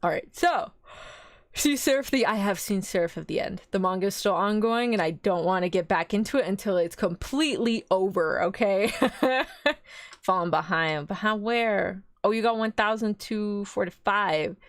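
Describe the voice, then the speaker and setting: A woman's voice: mid-range voice, normal speed, no room sound, studio quality. A young woman streaming live as a vtuber, chatting casually in a rambling, giggly way.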